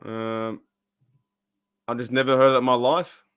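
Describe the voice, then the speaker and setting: A man's voice: mid-range voice, level tone, normal speed, fairly bright tone, clear, resonant tone. A man hosting a live fan stream, rambling and fired up while he chats with viewers. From Australia. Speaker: fan channel host.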